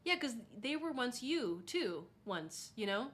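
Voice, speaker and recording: A woman's voice: a little high, very animated, a little slow, fairly bright tone. A young woman streaming, chatting casually and reading chat aloud, saying "like" a lot and laughing often.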